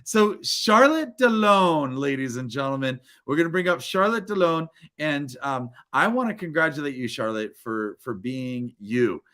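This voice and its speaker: A man's voice: a little high, expressive, moderate pace, few pauses, bright, forceful tone. A man hosting an online book launch over a video call, exuberant and jokey, rambling through frequent restarts.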